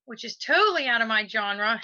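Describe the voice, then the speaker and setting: A woman's voice: a little high, lively intonation, fairly quick, bright, forceful tone, no echo. A woman in her forties, a musician guest, chatting eagerly and rambling a little on a video call from her laptop. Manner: enthusiastic, rambling. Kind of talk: casual chat on a video call. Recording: dull, lo-fi laptop audio with dropouts.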